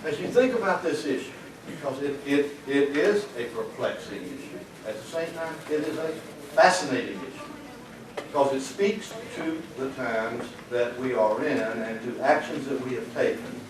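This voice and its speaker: A man's voice: mid-range voice, moderate pace. Older man, economics lecturer, folksy storytelling, asks the room questions; roomy far-off mic. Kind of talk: anecdotal lecture to a live audience. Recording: echoey lecture room from a distant mic, noisy.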